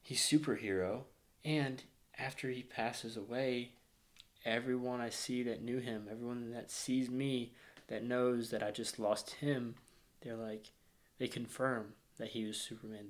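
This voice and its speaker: A man's voice: medium pitch, steady tone. A man in his thirties from Arkansas with a slight Arkansas accent, recounting his childhood grief in an interview, close to tears and dropping to near-whispers. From Northwest Arkansas, US. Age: 30s. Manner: reflective, slows and softens into near-whispers when emotional. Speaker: guest. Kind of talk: emotional personal interview.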